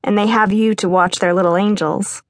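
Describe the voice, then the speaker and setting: A friendly grown woman with a wry, joking way of talking, read by a woman narrating an audiobook. The voice sits close to the narrator's own, a touch brighter. It is recorded dry and close in a booth. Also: mid-range voice, steady tone, moderate pace, dry recording, close to an everyday voice. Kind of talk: audiobook character voice.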